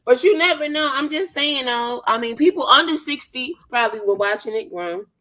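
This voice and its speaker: A woman's voice: high voice, animated, brisk, bright, forceful tone, rough recording. A woman in her thirties in casual chat, sassy and teasing, calling people sweetie and baby. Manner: sassy, teasing, puts on voices. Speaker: chat partner.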